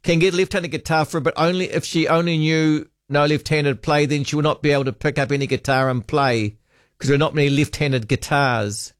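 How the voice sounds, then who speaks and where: A man's voice: a little high, fairly even intonation, fairly quick, dry recording, studio quality. A man hosting talkback radio, chatting casually and reading out listener texts, often trailing off with hesitant ums.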